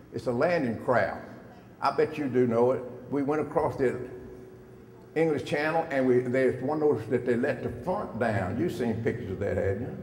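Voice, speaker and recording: A man's voice: medium pitch, a little mellow. An older man speaking as a guest to students, telling his story in a folksy way with questions to the listeners, on a handheld microphone in a school hall. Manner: folksy, direct questions to the audience. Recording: echoey hall, faint noise.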